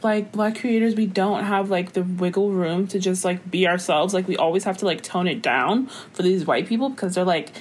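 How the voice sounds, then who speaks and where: A woman's voice: on the low side, normal speed, hardly any pauses. A young woman co-hosting a casual chat, exasperated and slangy as she vents. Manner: exasperated, slangy, agreeing and venting.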